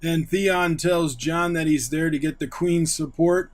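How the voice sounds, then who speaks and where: A man hosting a casual recap of a TV episode, retelling scenes with eager excitement. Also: a little high, measured pace. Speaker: YouTube show host.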